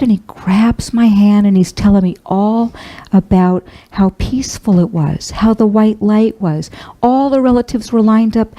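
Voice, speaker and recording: Woman, middle-aged, minister, sermon storytelling, warm mellow tone, tender and halting, mid pitch. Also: low-quality recording. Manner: tender, heartfelt storytelling with a slow, halting delivery.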